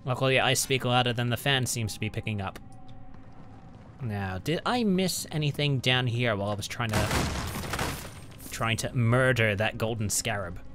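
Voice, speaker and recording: A man's voice: mid-range voice, moderate pace, long pauses, heavy background noise. A man giving casual let's-play commentary at his home computer, chatting as he reads out item stats and mutters at enemies. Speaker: gaming channel host.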